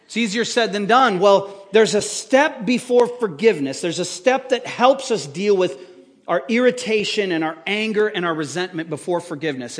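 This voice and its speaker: The congregation hears rhetorical questions again and again from a male pastor whose sermon is animated and conversational, his voice high-pitched and his pace moderate.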